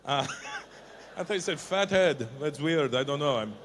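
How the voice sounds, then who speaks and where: A middle-aged man doing stand-up, teasing audience members in quick back-and-forth crowd work. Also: fairly high pitch, animated, a little hiss or hum. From Canada. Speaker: stand-up comedian.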